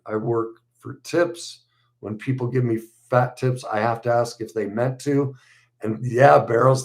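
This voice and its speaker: Man chatting casually on a livestream. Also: mid-range voice. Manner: reads viewer messages aloud and responds warmly, conversational with fillers. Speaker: YouTube livestream host answering viewer comments.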